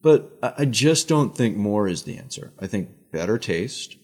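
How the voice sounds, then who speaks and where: A middle-aged man, a media executive guest, talking in an animated storytelling way with emphatic asides in a conversational interview. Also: fairly low pitch, moderate pace, slightly rough.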